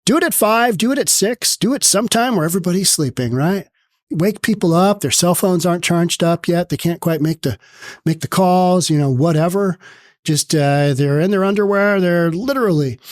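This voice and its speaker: A man's voice: high-pitched, normal speed, no room sound. Sarcastic male news commentator, dry sound. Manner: sarcastic, mocks with put-on quoted voices; reads news text aloud, then riffs on it.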